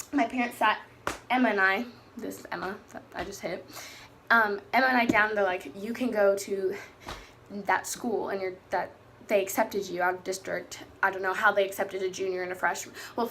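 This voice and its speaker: A woman's voice: mid-range voice, steady tone, brisk, a bit bright, slight background noise. A teenage girl in casual personal talk about her faith, chatty and rambling, often correcting herself mid-sentence. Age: teens. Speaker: faith vlogger.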